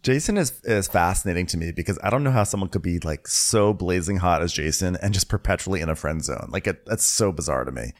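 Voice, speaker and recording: A man co-hosting a comedic podcast recap, playful and quick with mocking voices. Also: sits low, expressive. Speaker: podcast co-host.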